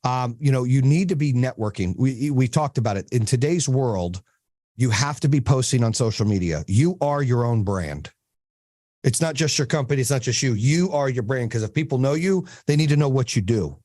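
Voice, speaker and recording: A man's voice: mid-range voice, animated, normal speed, warm tone, no room sound, clean studio sound. A man hosting a podcast, coaching a small group on business in a blunt, profane, storytelling way.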